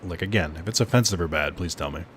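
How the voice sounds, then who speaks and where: Low-voiced joking male streamer. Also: a bit bright, a little hiss or hum. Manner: joking, swearing, quick asides. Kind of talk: casual gameplay commentary.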